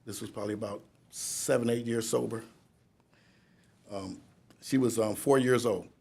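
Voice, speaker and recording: A man's voice: fairly low pitch, steady tone, normal speed, creaky, dark tone, slightly rough. A man in his fifties giving a rambling, conversational recovery testimony at a courtroom ceremony, laughing at himself as he goes. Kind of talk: personal recovery testimony to an audience.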